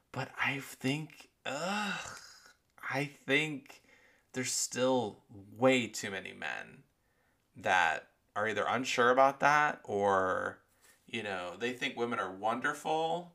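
Gravelly, bright, and forceful, this low-leaning male voice belongs to a podcast host doing a casual monologue. His talk is rambling and profane, packed with fillers, and allergies are audibly affecting his voice.

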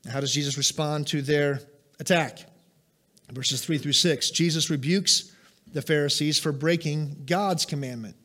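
Middle-aged guy preaching, punchy, keeps quizzing the room, pitched up high. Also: measured pace, pushed and bright. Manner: emphatic, asks the congregation questions. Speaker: pastor. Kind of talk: sermon.

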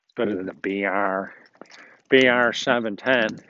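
A man's voice: lowish voice, measured pace, pushed and bright, slight background noise. Easygoing man rambling on a walk. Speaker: podcast host. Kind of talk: casual walking podcast. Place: outdoors, walking a dog on a street. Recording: dull lo-fi outdoor recording.

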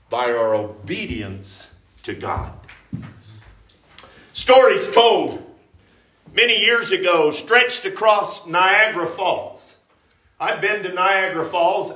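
A man preaching a revival sermon with emphasis and repetition, rising at times to sudden shouts. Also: sits high. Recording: roomy church echo.

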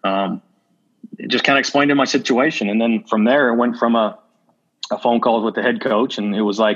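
On dull lo-fi audio, a male assistant football coach guests on a podcast, speaking openly in a relaxed interview. He re-enacts remembered exchanges as he tells his stories, using a mid-range voice at a normal speed.

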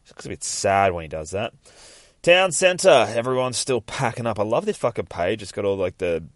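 A man's voice: on the low side, very animated, moderate pace, no echo, studio quality. A man hosting a podcast, casually walking through a comic book page by page, rambling, swearing freely and laughing along the way. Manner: rambling and profane, laughing often. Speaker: podcast host.

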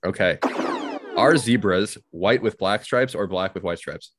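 A man hosting a casual podcast, playfully running segments and firing off quick questions. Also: low voice, noisy background. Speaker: podcast host.

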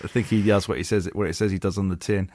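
A man's voice: low voice, steady tone, quick pace, darkish tone, no echo, clean studio sound. A man hosting a podcast, reading a listener's email aloud and repeatedly cracking up with laughter. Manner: keeps breaking into giggles while reading. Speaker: podcast host.

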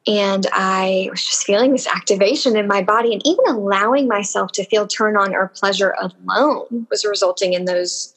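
A woman's voice: medium pitch, low-quality recording. A woman telling a candid personal story as a podcast guest, in an earnest, emotional and intimate way.

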